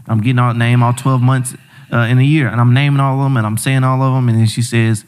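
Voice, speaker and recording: A man's voice: mid-range voice, level tone, quick pace, a little mellow, smooth. A young man, a podcast guest, telling a personal story in a loose, slangy way, repeating himself and acting out what people said. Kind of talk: casual storytelling chat.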